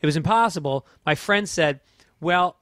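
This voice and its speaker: Man musing aloud, slightly high voice. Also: normal speed, a bit bright, no echo, clean studio sound. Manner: thoughtful, correcting himself as he talks. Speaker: podcast guest, comedian. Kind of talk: casual chat.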